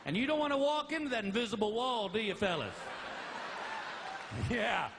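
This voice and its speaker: A man's voice: very high voice, big pitch swings, a little slow. A middle-aged man, performing a folksy stand-up routine and acting out both sides of a marriage. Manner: folksy drawling storyteller acting out wife and husband. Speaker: stand-up comedian. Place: theater stage before a live audience. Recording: live show with audible room noise.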